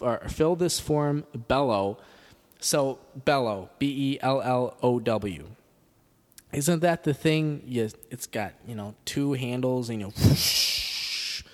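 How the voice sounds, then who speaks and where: A man hosting a comedic podcast, reading a letter aloud in a deadpan, mock-serious way with sarcastic asides. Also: medium pitch, long reverb tail. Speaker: podcast host.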